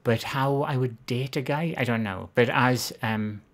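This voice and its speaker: A woman's voice: very deep voice, a little slow. A woman hosting a casual live-stream Q&A, talking in a hesitant, rambling, self-deprecating way.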